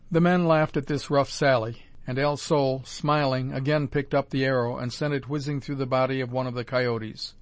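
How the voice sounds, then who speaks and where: A man narrating a first-person adventure audiobook in a measured, formal storytelling manner. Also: mid-range voice, fairly even intonation, no echo.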